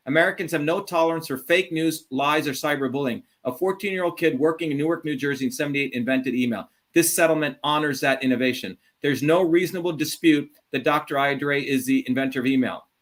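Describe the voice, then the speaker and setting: A man's voice: fairly high pitch, quick pace, few pauses, a bit bright. A middle-aged man hosting a call-in show, talking in a blunt, combative way, with swearing and heavy emphasis. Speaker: show host. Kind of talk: heated call-in monologue.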